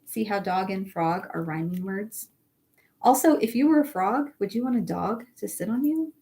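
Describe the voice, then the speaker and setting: A woman's voice: mid-range voice, moderate pace. A woman, a children's librarian, reading a picture book aloud at a library storytime and asking the children questions. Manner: animated, asks children questions.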